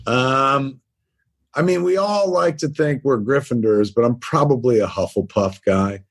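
A man's voice: medium pitch, unhurried, husky. A man co-hosting a casual podcast, laid-back and joking with lots of swearing. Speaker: podcast co-host.

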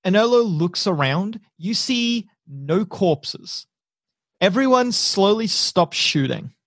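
Male game master, steady narration, higher pitch, dry close sound. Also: takes it slowly, dry recording.

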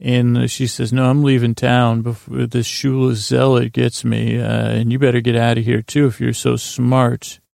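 A man rambles through a TV episode recap in a low-key mumble, stopping and restarting his sentences. His voice is very gravelly and stays on a flat, even pitch. The sound is dry and close, with no room echo. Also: moderate pace, hardly any pauses. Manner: rambling and meandering, many fillers and restarts. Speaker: podcast host recapping a TV episode. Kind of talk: casual sleepy recap, paraphrasing scenes.

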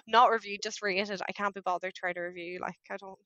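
A woman chatting casually as a book podcast co-host, animated and quick to laugh. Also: medium pitch, no echo, muffled recording.

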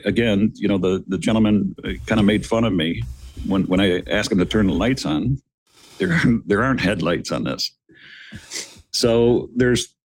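A middle-aged man with a fairly low voice tells a dramatic story as a guest on a podcast. He speaks earnestly, calls his listeners "gentlemen," and repeats words as he builds toward each point. The sound is dry and close. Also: breathy edge, no echo. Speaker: guest, retired police officer.

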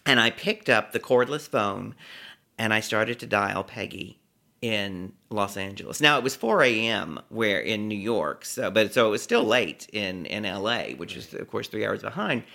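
A man recounts a personal story with animated, theatrical delivery. His voice is bright and forward with a gravelly rasp at the bottom. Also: lowish voice. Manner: animated, acts out every character.

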